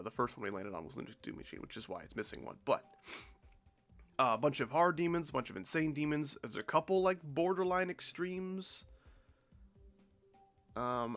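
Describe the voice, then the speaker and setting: A man's voice: mid-range voice, fairly bright tone. A young man streaming a game, congested and nasal-sounding, chatting in a rambling, offhand and jokey way. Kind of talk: casual live-stream chat.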